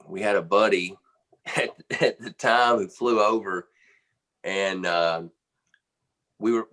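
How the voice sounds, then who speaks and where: A man's voice: lowish voice, sharp tone. A man from the United States, a drummer being interviewed, telling a casual, rambling story full of fillers and restarts. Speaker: guest musician, drummer.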